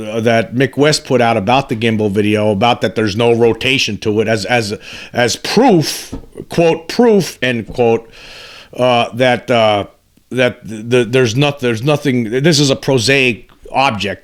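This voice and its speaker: A man's voice: mid-range voice, unhurried. A man hosting a casual commentary, talking in a rambling, emphatic way with many restarts and repeated "I mean". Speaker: host.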